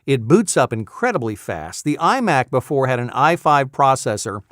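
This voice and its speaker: A man's voice: medium pitch, sing-song, moderate pace, a bit bright, no room sound, clean studio sound. A man who works as a voice actor, chatting casually in a rambling, self-amused way and getting sidetracked easily. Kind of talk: casual talking-head vlog.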